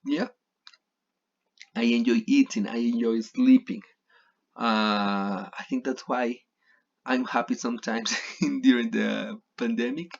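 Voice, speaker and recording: A man's voice: mid-range voice, creaky, lo-fi sound. Chatty Spanish-speaking male English teacher. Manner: chatty, digressive, mixes Spanish and English, repeats for emphasis. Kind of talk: recorded online grammar lesson.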